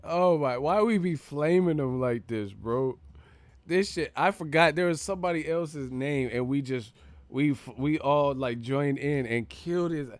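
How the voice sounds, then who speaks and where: A man hosting a live stream from a multi-camera setup. His voice is smooth and clear, close and dry with no room sound. He talks in a loose, profane, joking way and laughs easily. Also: on the high side, a little slow, dry recording. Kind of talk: casual live-stream chat.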